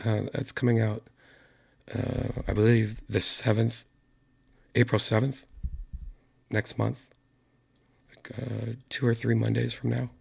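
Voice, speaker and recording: A hoarse man hosts a casual solo stream, keeping his voice low and soft to spare it. His tone is gravelly and frayed, sitting at an ordinary pitch. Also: flat delivery, takes it slowly, pauses often. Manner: speaks quietly and softly to spare his voice. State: hoarse, lost voice. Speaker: podcast host.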